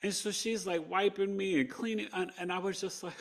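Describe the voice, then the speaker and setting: A man from New York, a podcast guest, telling a personal story with big swings between hushed and loud delivery. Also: high voice, lively intonation, normal speed, hardly any pauses.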